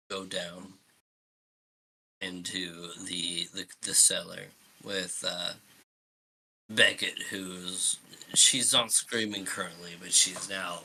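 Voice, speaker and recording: A man's voice: deep voice, sharp tone, poor audio. A man running a tabletop game as game master, describing scenes hesitantly, with many fillers.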